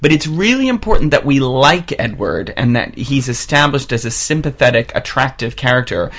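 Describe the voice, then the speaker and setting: A man's voice: medium pitch, animated, normal speed, fairly bright tone. A man hosting a film review chat, retelling scenes in a playful, teasing way. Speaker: podcast host.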